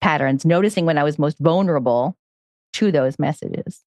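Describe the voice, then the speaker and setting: A woman hosting a podcast, sharing thoughts and asking thoughtful follow-up questions in a relaxed conversation. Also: sits low, normal speed, no room sound. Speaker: podcast host.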